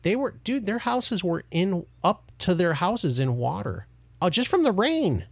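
Animated man hosting a casual chat. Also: high voice, measured pace, creaky, husky, dry recording. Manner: animated storyteller. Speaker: podcast host. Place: Detroit area.

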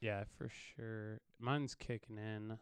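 A man's voice: fairly low pitch, little pitch movement, slow, smooth, no room sound. A young man co-hosting a podcast, chatting casually with a profane, joking, mock-angry bickering manner. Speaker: podcast co-host. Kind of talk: casual chat.

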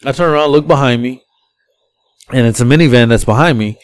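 A man's voice: mid-range voice, brisk, clean tone, no echo. Profane man telling a story. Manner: profane, animated, acts out the people he quotes. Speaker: podcast host. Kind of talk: casual storytelling.

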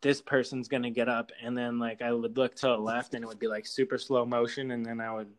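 A man's voice: medium pitch, level tone, brisk, rough recording. A man telling a long story in casual chat, rambling, with heavy swearing and many "like" fillers.

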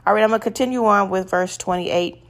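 A woman's voice: mid-range voice, fast talker. Earnest woman teaching scripture. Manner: earnest, conversational, emphatic. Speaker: devotional podcast host. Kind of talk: scripture reading and devotional teaching.

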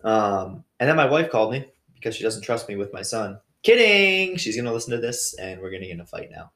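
A man's voice: on the low side, quick pace, echoey room. A young adult man hosting a casual solo podcast, telling stories in a joking, self-deprecating way. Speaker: podcast host.

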